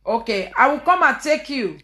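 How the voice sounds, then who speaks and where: A woman's voice: high voice, very animated, moderate pace, pushed and bright, roomy sound. A woman filming a casual home vlog, coaxing a crying child and laughing often. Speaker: vlogger filming her family.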